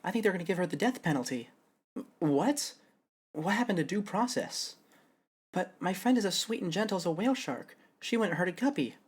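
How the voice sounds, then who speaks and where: A man's voice: high voice, animated, brisk, slightly rough, pitched above the performer's own voice. A man voicing a perky young woman who performs in an aquarium pirate show, full of fish puns and pleading for help. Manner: bubbly, pun-filled, pleading.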